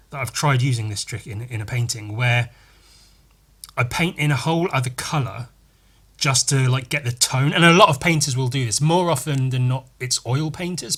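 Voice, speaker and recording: A man's voice: mid-range voice, a bit bright. A man giving casual, rambling commentary over painting footage, swearing now and then and joking at his own expense. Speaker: miniature painter.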